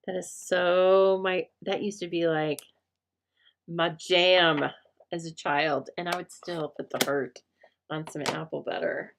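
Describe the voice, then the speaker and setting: Female craft host with a low, fry-edged voice; chatty, meandering, pokes fun at herself. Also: slight background noise. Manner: chatty and rambling, talks to viewers by name; self-deprecating. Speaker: rubber stamp crafting host. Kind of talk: casual live-stream craft chat.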